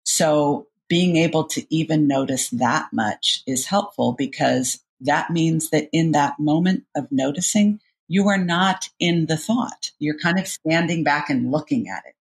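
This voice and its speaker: Speaking low-pitched and unhurried with few pauses, a middle-aged female cognitive behavioral coach lays out ideas as a podcast guest. There's a gravelly, creaky quality to her voice, and she animatedly performs little inner voices throughout.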